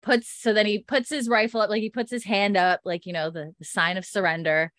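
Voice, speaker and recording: A woman's voice: medium pitch, steady tone, a little fast, fairly bright tone, no room sound, clean studio sound. A woman casually recapping a story as podcast host, chatty and full of fillers, laughing often.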